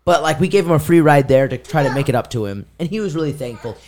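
There's slight background noise as this fast-talking man, whose voice is a little high, co-hosts a casual podcast. Full of animation, he recounts a story, voices the characters he quotes, and laughs mid-story.

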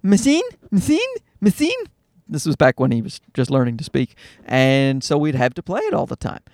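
A man's voice: mid-range voice, fairly quick, dry recording, clean studio sound. A man hosting a podcast alone from a parked car, telling rambling, profane, self-mocking stories about being a father. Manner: profane, animated and self-deprecating. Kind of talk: casual rambling storytelling monologue. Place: parked car in a parking lot.

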